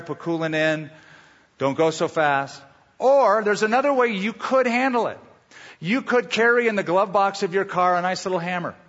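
A man preaches a sermon with a somewhat high voice. He drives his points home with rhetorical questions and storytelling asides. His voice rings out in a hall with a long, lingering reverb and a slightly dull sound. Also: fairly bright tone. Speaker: pastor.

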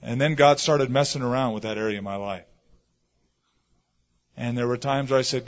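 A middle-aged man preaching a sermon, telling stories and swinging between loud stresses and hushed asides. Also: medium pitch, moderate pace, pauses often. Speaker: pastor. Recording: dull lo-fi sermon recording.

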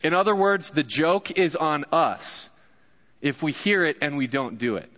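A man's voice: a little high, a little slow, fairly bright tone. A young man giving a casual, joking sermon to a live congregation as a guest pastor. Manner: casual, joking, addresses crowd directly. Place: church hall, live congregation. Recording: dull echoey church hall recording.

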